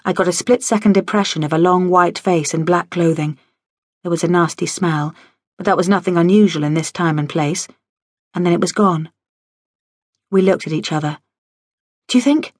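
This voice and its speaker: A woman's voice: fairly low pitch, normal speed, dry recording. Wry woman reading an audiobook. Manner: wry, lively storytelling. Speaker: audiobook narrator. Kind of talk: scripted first-person narration. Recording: dry studio audio.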